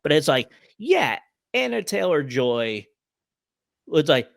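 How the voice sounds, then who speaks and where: An excitable man from Ireland chatting casually with friends on a podcast. His speech swings widely in pitch, sits a bit high for a man, and is recorded close and dry. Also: measured pace, vocal fry, no echo. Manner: animated, full of filler and quoted voices. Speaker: podcast panelist. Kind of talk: casual chat.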